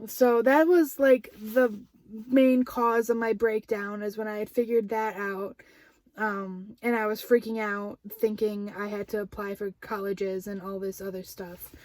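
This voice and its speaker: A woman's voice: mid-range voice, fairly even intonation, unhurried, a little mellow, no room sound. A young woman talking to her camera in a casual, rambling vlog with lots of fillers. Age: young adult. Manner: rambling, chatty, frequent fillers. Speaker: vlogger.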